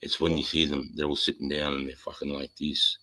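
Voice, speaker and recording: A man's voice: extremely low pitch, little pitch movement, a little fast, sharp tone, poor audio. A middle-aged man with an Australian accent, chatting bluntly and swearing freely about army life as the host. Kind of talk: casual chat.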